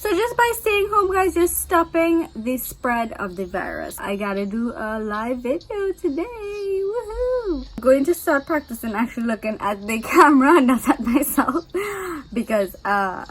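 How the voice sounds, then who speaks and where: Bubbly woman with a lively, high voice. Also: moderate pace, few pauses, slight background noise, poor audio. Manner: bubbly, giggly, chatty. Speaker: dietitian vlogger. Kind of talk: casual vlog chat. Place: home kitchen.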